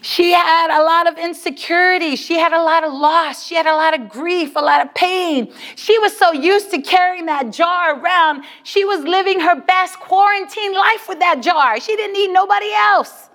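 A woman delivers a sermon in a high voice, building her points through rhythmic, emphatic repetition and calls to her listeners. Her words ring out with a long reverb trailing behind them. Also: moderate pace, few pauses, fairly bright tone. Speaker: preacher.

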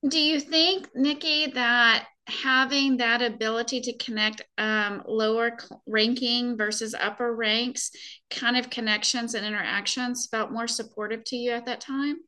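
A woman interviewing two veterans, asking gentle questions and affirming what they share. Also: a little high, steady tone, unhurried. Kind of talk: casual interview.

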